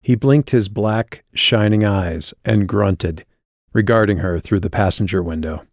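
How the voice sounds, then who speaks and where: A male audiobook narrator with a low voice and a steady, measured delivery. The recording is dry and close, with no room around it. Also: no room sound. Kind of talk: scripted narration.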